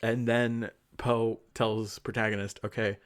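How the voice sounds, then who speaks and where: A man's voice: medium pitch, brisk, a bit bright. A man co-hosting a podcast, casually recapping a story with laughter and acting out the characters' lines. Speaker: podcast co-host.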